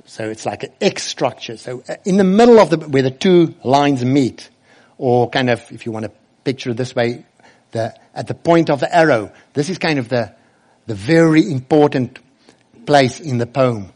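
A man's voice: mid-range voice, expressive, normal speed, a little mellow. A man preaching a sermon earnestly, often turning to ask the children direct questions.

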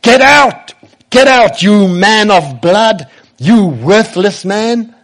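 A man voicing an enraged cursing man who shouts insults, slowly and with heavy emphasis. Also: high voice, lively intonation, pitched above the performer's own voice, full character voice. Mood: furious. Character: furious cursing man hurling insults at a fleeing king.

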